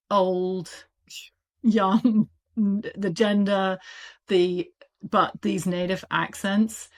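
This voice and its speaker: Woman, British accent, fairly low voice, animated, chatty interview guest. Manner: animated, chatty, quick asides with laughs. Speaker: audiobook publisher, guest. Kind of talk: casual interview talk.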